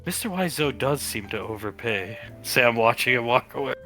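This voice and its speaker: Man, game master, bright ringing voice, relaxed livestream narration, faint music behind. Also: mid-range voice. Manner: relaxed storytelling with quick character asides and chuckles. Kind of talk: narrating a tabletop role-play on a livestream.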